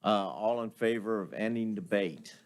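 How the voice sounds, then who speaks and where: A man chairing a public board meeting, calling votes and running the agenda in a measured, procedural way into a table microphone. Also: fairly low pitch.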